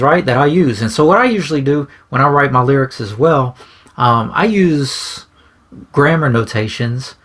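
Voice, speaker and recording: Gravelly man rambling with "right?". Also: medium pitch, a bit bright. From grew up singing bluegrass in churches. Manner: rambling, says "right?" often, restarts phrases. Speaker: songwriter. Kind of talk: casual explanatory talk to camera.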